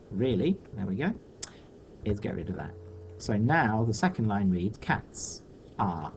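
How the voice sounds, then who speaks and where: A man's voice: on the low side, warm tone, slight background noise. A man teaching a recorded video lesson for children, patiently talking through each step aloud.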